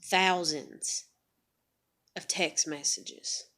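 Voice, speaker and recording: A woman's voice: fairly low pitch, fairly even intonation, drawn-out words, pushed and bright. A young woman telling a personal story in a rambling, candid vlog, swearing freely and full of fillers. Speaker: vlogger. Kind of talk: confessional vlog monologue.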